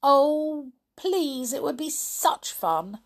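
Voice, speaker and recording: A woman's voice: high voice, expressive, very slow, voice pushed up, full character voice. A woman voicing an eager young girl who gushes breathlessly about a holiday plan.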